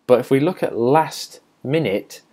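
A man's voice: mid-range voice, animated, a little slow, warm tone, slightly rough. Man explaining a grammar test. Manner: explains step by step, reads questions aloud. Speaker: teacher. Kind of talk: test walkthrough lesson.

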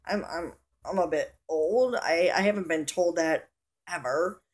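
A middle-aged woman with a fairly low voice tells a story to her camera. She talks in a chatty, rambling way, full of fillers and indignation. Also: unhurried. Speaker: vlogger.

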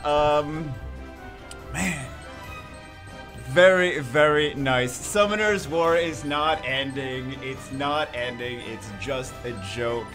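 A man's voice: on the high side, pushed and bright. A man hosting a casual gaming vlog, talking animatedly and swinging from mock outrage to laughter. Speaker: gaming channel host.

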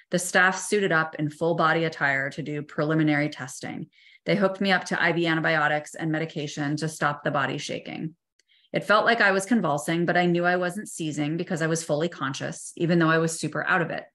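A middle-aged woman, a therapist, reading aloud a personal chapter of her own book in a measured, soft way. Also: deep voice. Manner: measured and soft, slowing on tender memories.

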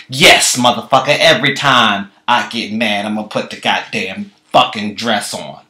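A man vlogging, telling a profane comic story in an animated, chatty way. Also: on the low side, normal speed. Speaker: comedy vlogger. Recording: echoey room.

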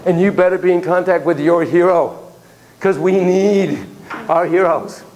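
A man's voice: high-pitched, steady tone, unhurried, darkish tone, low-quality recording. A man lecturing a class on psychotherapy, telling a story theatrically with gasps, laughs and sudden drops to a whisper.

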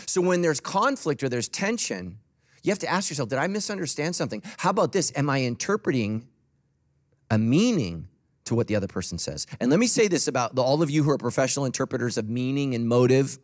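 A man's voice: medium pitch, big pitch swings, fast. A middle-aged man preaching a sermon as pastor, conversational and joking, acting out quoted voices. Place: church auditorium.

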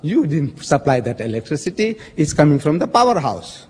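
A man with a fairly high, a little mellow voice full of big pitch swings argues fairly quickly in a public religious debate, with slight background noise. He quotes scripture with dramatic stress, addresses his opponent as sir and stays emphatic and pointed, recorded in an echoey hall with long reverb.

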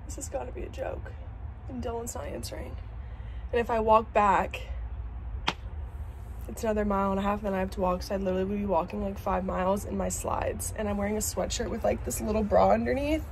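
A woman vlogs on her phone outside, talking in a loose, chatty way full of "like." Her voice sits at an ordinary middle pitch. Loud street and traffic noise runs underneath her. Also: steady tone, fast talker, gravelly, rough recording. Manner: chatty, lots of "like" fillers. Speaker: vlogger. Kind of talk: casual vlog chat to camera. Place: outdoors, walking streets and yard. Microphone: phone camera held by hand.

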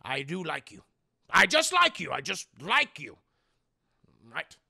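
A man voicing a grumpy, crusty old man who blusters but softens. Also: fairly high pitch, lively intonation, normal speed, gravelly, heavily acted. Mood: gentle. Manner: blustery, exasperated outbursts.

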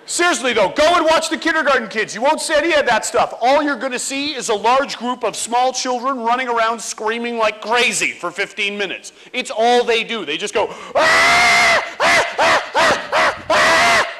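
Guy doing a funny talk, high bright voice, bounces all over the place. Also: a little fast, hardly any pauses, a faint crowd, a little hiss or hum. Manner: animated, acts out kids and teachers. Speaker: speaker. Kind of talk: comic talk.

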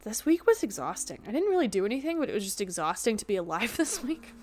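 A woman's voice: mid-range voice, very animated, darkish tone, slight background noise. A young woman streaming a game, chatting casually and laughing as she riffs on her viewers' jokes. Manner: chatty, giggly, quick to riff on jokes.

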